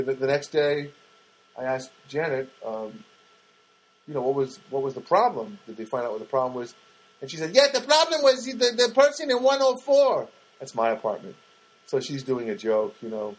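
A man's voice: mid-range voice, normal speed, long pauses, poor audio. A man, a comedian, telling a wry, rambling anecdote with many asides and acted-out dialogue. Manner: digressive, wry, full of restarts and acted-out quotes.

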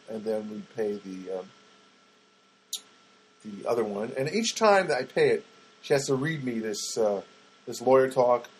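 A man's voice: mid-range voice, a little mellow, breathy edge, rough recording. A man telling a long wry anecdote to his listeners, chatty and full of asides and fillers. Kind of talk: rambling anecdotal storytelling.

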